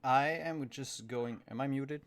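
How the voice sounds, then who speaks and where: A man's voice: mid-range voice, a little slow. A man playing his character in a tabletop game, with dry, joking lines. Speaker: player.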